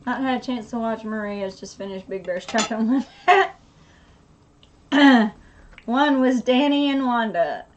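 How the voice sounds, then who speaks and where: Woman, high voice, upbeat, laughs a lot, greets viewers, dishes and pans clattering behind. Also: measured pace, highs cut off, a little hiss or hum. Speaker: live stream co-host reading viewer comments. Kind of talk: casual live stream chat.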